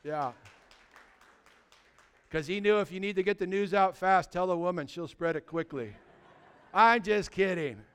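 A high-pitched man preaches as a pastor at a measured pace, leaving long pauses, with a clean tone. He speaks in an animated, conversational manner, asking many rhetorical questions and shifting between loud and hushed delivery.

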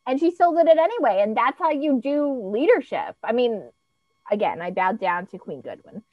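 A woman with a slightly high voice gives emphatic opinions in casual podcast chat. Her mic sounds dry and a little dull. She talks with plain enthusiasm. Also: very animated, normal speed, no echo. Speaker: podcast co-host. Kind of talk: casual chat recapping a TV episode.

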